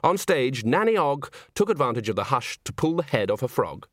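A man reading a comic novel aloud as narrator, wry and expressive. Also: medium pitch, brisk, hardly any pauses, dry recording, studio quality. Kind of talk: audiobook narration.

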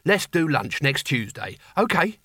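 A man voicing a slick, busy male genie who talks in breezy, drawn-out sales patter. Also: fairly high pitch, sing-song, pushed and bright, slightly rough, no room sound, clean studio sound, full character voice.

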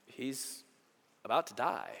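A man's voice: medium pitch, huge pitch swings, takes it slowly, vocal fry, a bit bright, husky. A young adult man, a youth pastor, preaching a casual, conversational sermon in a church hall. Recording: long hall reverb.

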